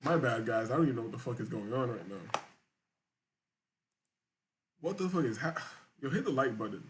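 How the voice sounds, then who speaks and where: A man's voice: medium pitch, lively intonation, moderate pace, noisy background. A man hosting a live-stream show, reading viewer chats aloud and reacting in crude, rambling, repetitive casual talk.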